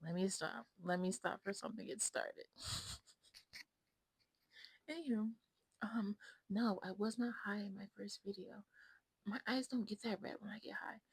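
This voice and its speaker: A woman's voice: medium pitch, fairly even intonation, unhurried, pauses often, slightly rough, dry recording, rough recording. A woman in her twenties talking casually to her phone camera at home, rambling and frank, often dropping into a whisper. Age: 20s. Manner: rambling, self-absorbed, frank, slips into whispers. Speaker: vlogger. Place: at home indoors.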